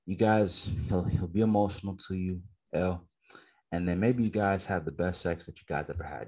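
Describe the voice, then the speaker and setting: A man co-hosts a casual podcast in a low, husky voice at a moderate pace. He tells stories emphatically and animatedly, firing off frequent rhetorical questions.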